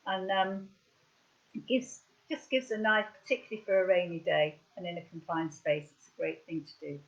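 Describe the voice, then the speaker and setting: A woman's voice: fairly low pitch, steady tone, normal speed, muffled recording. A woman hosting an online craft session, chatting casually and rambling through her demonstration. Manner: chatty, rambling, often restarts. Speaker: craft workshop host. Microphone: video call webcam.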